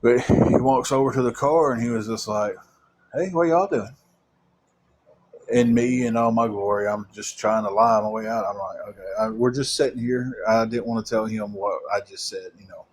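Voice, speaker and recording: A man's voice: on the low side, little pitch movement, a little hiss or hum. Rambling man telling a story. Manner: rambling, halting with many fillers and repeated words. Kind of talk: personal storytelling.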